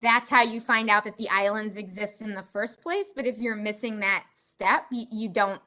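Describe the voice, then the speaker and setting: A woman's voice: medium pitch, normal speed, sharp tone. A woman facilitating an online community meeting, chatty and self-deprecating, talking over a video call.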